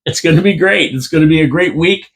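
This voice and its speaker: A man's voice: fairly high pitch, fast. A man co-hosting a casual hockey chat from a radio studio, making emphatic, confident predictions. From Canada. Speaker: podcast co-host.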